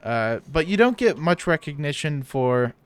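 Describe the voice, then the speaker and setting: A man's voice: a little high, big pitch swings, a little slow, clean tone. A man from South Dakota with a Midwestern American accent, chatting loosely and rambling while he streams a game. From South Dakota, USA. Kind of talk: casual chat while gaming.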